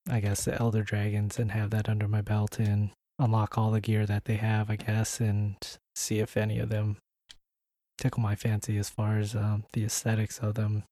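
A man co-hosting a casual podcast. He talks in a hesitant, low-key way and leans heavily on filler words. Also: completely flat delivery, normal speed, mellow, dry recording. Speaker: podcast co-host.

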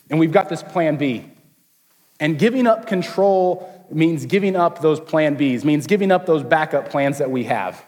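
Joking young pastor in a big hall. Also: male voice, on the high side, expressive, a little mellow. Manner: casual, joking, acts out quick voices. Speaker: student pastor. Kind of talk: sermon. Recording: long hall reverb.

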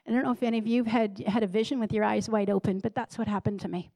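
A woman in ministry giving a lively personal testimony to a congregation, acting out the dialogue as she tells it. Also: medium pitch, fast talker, gravelly, dry recording, low-quality recording. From Canada. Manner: animated storyteller who acts out dialogue. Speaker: ministry leader.

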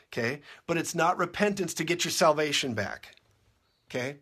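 A man preaching a sermon, insistent and repetitive, dropping quiet and then rising to shouts. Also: on the high side, animated, fast talker, slightly rough.

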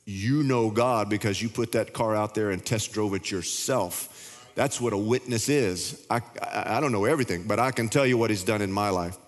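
A man's voice: fairly low pitch, normal speed. An older man preaching a sermon as pastor in a casual, conversational way, often stumbling and restarting his words. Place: church sanctuary. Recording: long hall reverb.

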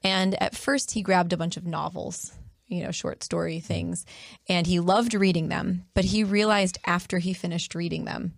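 A woman chatting in a relaxed way, telling stories with many fillers and restarts. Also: lowish voice, moderate pace, gravelly, no room sound, clean studio sound. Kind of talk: casual conversation.

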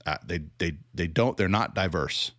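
A man's voice: low-pitched, moderate pace, a bit bright, dry recording, studio quality. A man with a Southern American accent giving a critical commentary monologue, sarcastic, often laughing and restarting his sentences. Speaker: commentator on church teaching.

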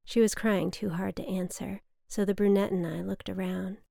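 A woman reading her personal story aloud in a measured, wry, reflective manner. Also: medium pitch, fairly even intonation, creaky, dark tone, dry recording, studio quality. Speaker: memoir narrator.

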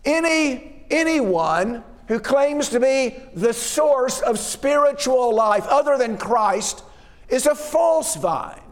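A man's voice: very high-pitched, expressive, slow pace. A man preaching a sermon who often asks rhetorical questions and restarts his words mid-phrase. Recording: long reverb of a hall.

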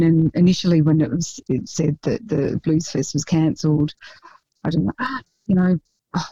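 A chatty woman talking casually with a mellow, dark tone, laughing easily as she tells stories. Her voice sits close and dry, with a slightly dull, muffled sound. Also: fairly low pitch, dry recording. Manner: chatty, laughs often, animated storytelling. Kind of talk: casual chat.

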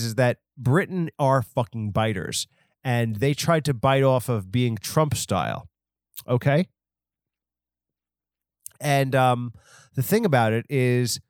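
A man's voice: mid-range voice, no room sound, studio quality. A man hosting a solo comedy podcast, talking in a rambling, self-interrupting way full of absurd tangents. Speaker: podcast host.

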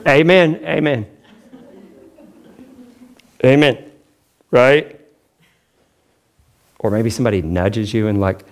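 A man preaching a sermon as pastor, talking in a chatty, joking way and acting out quotes with big pitch swings. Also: animated, slow, long pauses.

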